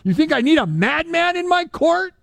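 A man's voice: big pitch swings, normal speed, vocal fry, full character voice. A man voicing an angry ancient king who throws a madman out of his court. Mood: outraged. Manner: shouting high and scornful.

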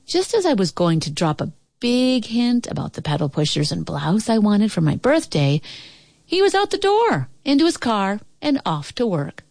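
Expressive woman reading a children's story. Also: medium pitch, moderate pace, no echo, studio quality. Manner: expressive, animated. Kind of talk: read-aloud children's story.

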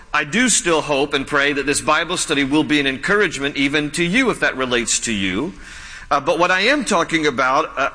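A man's voice: fairly high pitch, sharp tone, big-room sound. A man preaching a sermon as a pastor, earnest and conversational, often repeating his points. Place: church sanctuary.

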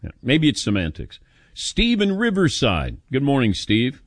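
Animated opinionated radio host man. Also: measured pace, dry recording, clean studio sound. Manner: opinionated, animated, jumps in pitch for emphasis. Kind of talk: casual sports talk radio.

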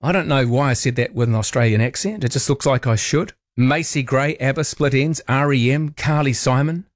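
A male radio host, chatting wryly and teasing gently as he reads out listener texts. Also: mid-range voice, moderate pace, no echo, studio quality. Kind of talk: casual late-night radio chat.

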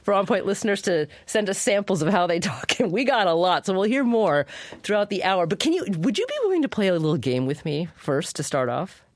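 A woman hosting a public radio talk show, speaking in an articulate, measured way. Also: medium pitch, sing-song, no room sound.

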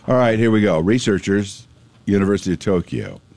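A man's voice: on the low side, sing-song, brisk, creaky, a little mellow, dry recording. A man co-hosting a casual radio show from the studio, rambling and joking and asking lots of questions. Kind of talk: casual morning radio banter.

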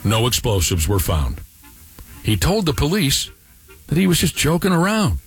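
A man's voice: mid-range voice, huge pitch swings, moderate pace, breathy edge, soft background music. A man hosting a radio show, telling an odd news story with sarcastic, mock-impressed banter.

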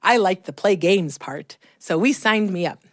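A woman from Chicago telling a personal childhood story in an expressive, animated way. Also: mid-range voice, normal speed, dry recording, studio quality. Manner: expressive, animated, acts out voices.

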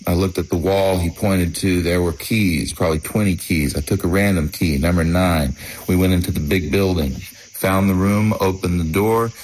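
A man narrating a first-person memoir in a measured, matter-of-fact way, in short phrases. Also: low voice, darkish tone, low-quality recording.

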